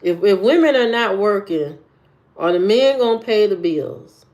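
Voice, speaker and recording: A woman's voice: medium pitch, lively intonation, a little slow, darkish tone. A woman from Indiana chatting on a livestream and answering viewers, rambling and repeating her phrases. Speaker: livestream host.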